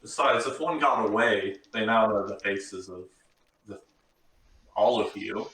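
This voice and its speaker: A measured, mildly teasing female wizard, voiced by a man in a tabletop game. The voice has a bright edge. It sounds roomy and distant from the mic. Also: on the low side. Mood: calm. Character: female wizard, calm, helpful, fussy about cleanliness. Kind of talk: tabletop role-play in character. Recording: echoey room, far from mic.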